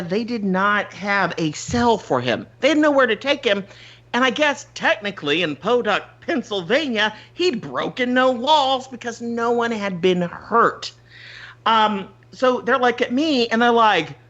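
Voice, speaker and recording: A podcast host telling a story in casual chat, animated, swearing freely and laughing often. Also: male voice, high-pitched, highs cut off.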